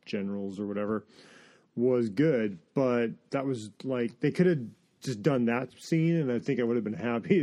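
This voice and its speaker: This is a movie review podcast host discussing a film in an easygoing conversation. He speaks with a mellow, warm tone at medium pitch, wandering through firm opinions while breaking off and starting his sentences over.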